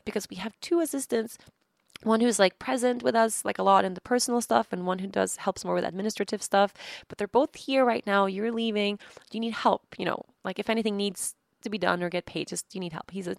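A woman in her thirties hosts a podcast, telling a personal story in a loose, chatty way full of fillers and exasperation. Her mid-range voice has a gravelly fry in it. The recording is close and dry. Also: mid-range voice, fairly quick, dry recording. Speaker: podcast host. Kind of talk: casual storytelling monologue.

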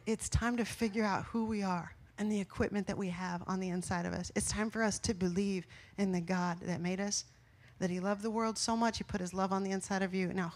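Woman pastor, middle-aged, impassioned sermon, rhetorical questions, soft to loud. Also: mid-range voice.

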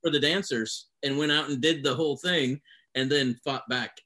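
A man casually recalling stagehand pranks in a relaxed, meandering way. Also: mid-range voice, moderate pace. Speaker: touring stagehand. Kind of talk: casual chat.

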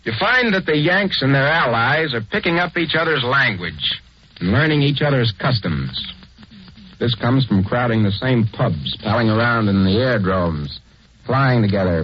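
A brisk, wry man narrating a 1940s radio program. His voice is husky and sits at a middle pitch. The recording is dull and lo-fi. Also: expressive.

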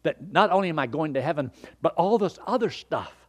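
An older man preaching a sermon and telling his own conversion story in an earnest, folksy way, swinging from loud emphasis down to hushed near-whispers. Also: a little high, animated, brisk. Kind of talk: sermon with personal testimony.

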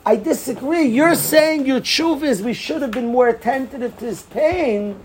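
This rabbi's voice is extremely high-pitched and moderately paced, with slight background noise, as he teaches a lively Torah class. He tells the story energetically, acting out quotes, laughing often, and sprinkling Hebrew and Yiddish terms through his English.

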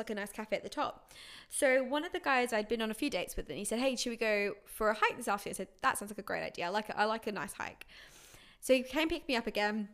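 A woman co-hosting a casual chat, telling a date story with lots of laughter and animated retelling. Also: a little high.

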